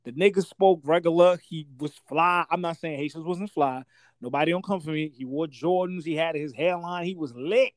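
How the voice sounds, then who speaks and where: A man's voice: on the high side, moderate pace, dry recording, studio quality. A man co-hosting a podcast, telling stories in casual chat and acting out quotes. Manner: animated storyteller, acts out quotes. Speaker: podcast co-host.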